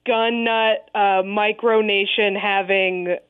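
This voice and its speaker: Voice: mid-range voice, flat delivery, slow pace, clear, resonant tone, no echo. Wry podcaster from New England, dull sound. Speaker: podcast co-host. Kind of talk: casual chat.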